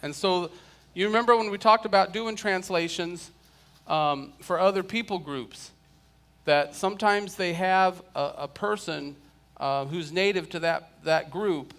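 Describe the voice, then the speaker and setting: A man's voice: sits high, measured pace, fairly bright tone. A man teaching a casual church Bible class, chatting and joking with his students.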